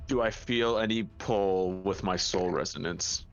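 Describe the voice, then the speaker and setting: A man's voice: sits low, unhurried, lo-fi sound, over loud music. A man playing a tabletop game, spelling out his actions step by step with a dry, joking streak. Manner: earnest step-by-step, dryly joking. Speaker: player.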